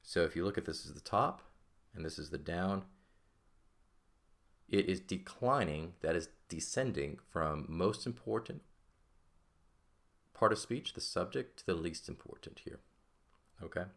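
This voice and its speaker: A man's voice: low voice, lively intonation, a little slow, gravelly, long pauses, fairly bright tone. A man teaching a classical Greek grammar lesson, explaining step by step and often checking in with "right?". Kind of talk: classroom lecture.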